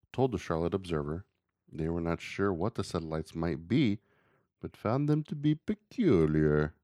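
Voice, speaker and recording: Male podcast host, very low voice, rambling and jokey delivery. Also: a little mellow, no room sound, studio quality. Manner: rambling, joking. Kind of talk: casual podcast chat.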